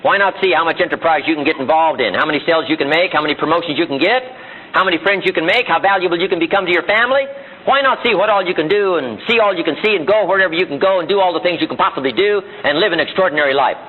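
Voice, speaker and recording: In tinny, phone-like archive audio, a middle-aged man with a slightly high voice rattles off a motivational seminar speech in rapid-fire fashion. The audience in the room hears plenty of rhetorical questions and quotes he acts out.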